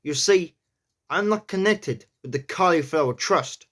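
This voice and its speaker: A man's voice: fairly high pitch, lively intonation, fairly bright tone, voice pushed up. A man doing a gangster-style New York accent, reading play lines carefully and stressing each T. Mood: tough. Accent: New York (imitated). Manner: deliberate, stressing each T with the tongue tip.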